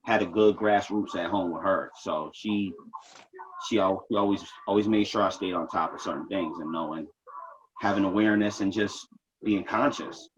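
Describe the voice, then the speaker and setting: A man with a husky, somewhat low voice talks in a relaxed podcast chat, stumbling and repeating words as he works through his thoughts. The sound is dull and lo-fi. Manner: halting, repeats words, reflective.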